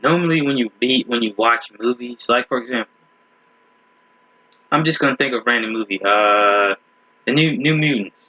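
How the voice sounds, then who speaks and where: A video host with a sharp, medium-pitched voice talks at a moderate pace, pausing often, with no echo. In his slightly muffled home-recorded reaction video he rambles casually, laughs at clips and frequently restarts sentences.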